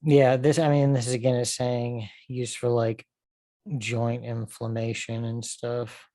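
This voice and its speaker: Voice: mid-range voice, level tone, a little slow, warm tone, dry recording. A podcast co-host in casual chat, thinking aloud with "um" and "like" and reading search results out.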